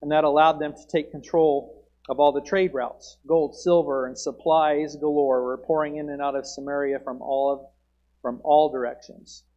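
A man preaching a sermon, moving between relaxed Bible teaching and loud proclaiming. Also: moderate pace. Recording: muffled low-fidelity sound.

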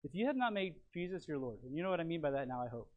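A man preaching a sermon as he teaches from his notes. He talks earnestly and emphatically, moving between loud stresses and quiet lines. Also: on the high side, big pitch swings, racing, narrow, tinny audio. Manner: teacherly, walks through notes and fill-in blanks.

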